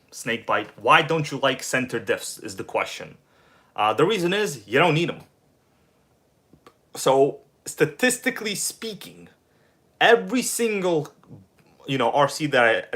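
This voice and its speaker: A man hosting a casual live stream and chatting with his audience, animated and quick to flare up with irritation. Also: medium pitch. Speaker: livestream host.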